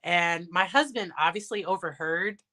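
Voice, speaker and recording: A woman's voice: lowish voice, moderate pace, bright, forceful tone. A woman psychologist talking casually in a livestream Q&A, chatty and candid, laughing often and restarting sentences, recorded on her phone. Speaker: licensed psychologist and parent.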